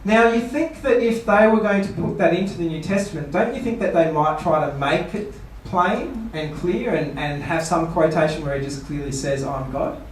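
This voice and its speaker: A man's voice: high-pitched, moderate pace, few pauses, a little hiss or hum. A man, a pastor giving a seminar talk, asking rhetorical questions and playfully mock-quoting people. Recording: echoey room, voice from far off.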